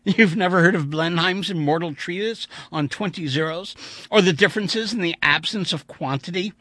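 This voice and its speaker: A man's voice: high-pitched, normal speed, pushed and bright, no echo, voice pushed up. A man voicing an austere, cynical blind older male mathematician who speaks in a wry, theatrical way.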